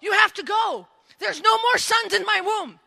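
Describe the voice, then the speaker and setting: Woman preacher acting out an insistent older widow, high bright shouting voice, long hall echo. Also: moderate pace, gravelly, exaggerated voice. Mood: pleading, insistent. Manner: shouting, urgent repetition. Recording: echoey hall.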